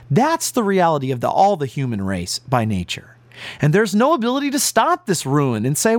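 Male preacher, earnest and emphatic, animated delivery, dry recording. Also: on the high side, moderate pace, no echo. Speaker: pastor. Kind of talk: sermon. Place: broadcast to listeners at home and on the road.

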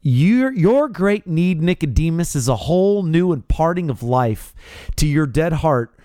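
A man preaching a radio sermon with a slightly high voice that swings widely in pitch. He speaks as a pastor, emphatic and pressing each point. The sound is dry and close, with no room around it. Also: animated, unhurried, warm tone, dry recording. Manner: emphatic, rising to stressed peaks.

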